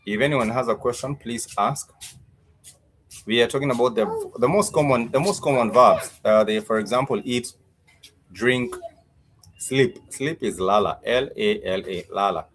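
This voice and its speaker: A man teaching Swahili words in a live-streamed lesson, slowly repeating each word and its meaning, with many fillers. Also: medium pitch, fairly bright tone, a little hiss or hum.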